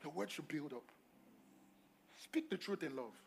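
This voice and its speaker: A male pastor preaching a sermon at a church service, emphatic and repetitive, swinging between loud calls to the congregation and quiet asides. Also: on the high side, lively intonation, measured pace, creaky, faint music behind. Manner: repeats phrases and asks the congregation questions.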